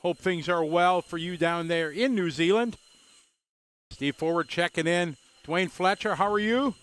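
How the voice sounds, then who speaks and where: A chatty man calls a model car race in a loose, rambling way, greeting viewers one by one. His voice sits a little high and comes through smooth and clear. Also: measured pace, a bit bright, no echo. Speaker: race commentator and driver. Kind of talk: casual live race commentary.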